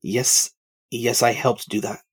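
A man playing in a tabletop game, speaking gently and with amusement. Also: medium pitch, steady tone, takes it slowly, husky. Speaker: player. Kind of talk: casual tabletop play.

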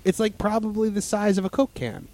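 A man's voice: high-pitched, expressive, brisk, dark tone. A man in casual chat as a podcast host, rambling with lots of fillers and restarts.

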